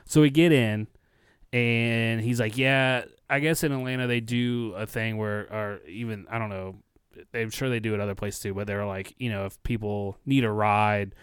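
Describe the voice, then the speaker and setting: A young man on a podcast, casually telling a profane, animated story and acting out the people in it. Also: fairly low pitch, normal speed, smooth, dry recording, studio quality. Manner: profane, animated retelling with quoted voices. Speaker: podcast co-host.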